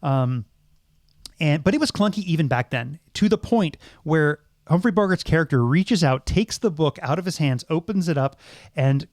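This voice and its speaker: A man's voice: on the high side, lively intonation, normal speed, no echo, studio quality. A middle-aged man and podcast co-host, talking through films thoughtfully, with many ums and restarts. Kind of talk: casual film discussion.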